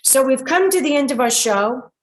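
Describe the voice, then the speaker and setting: A woman's voice: sits high, normal speed. Older woman hosting a dream show. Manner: animated storyteller acting out quoted voices. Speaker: show host, dream expert. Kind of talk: storytelling on a radio talk show.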